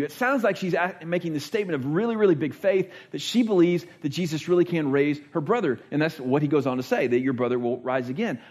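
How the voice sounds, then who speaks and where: Speaking fast with hardly any pauses, a pastor with a slightly high, darkish voice gives a conversational sermon. His delivery is earnest and plain, full of restarted thoughts with repeated words, and he acts out people's quoted lines using voices.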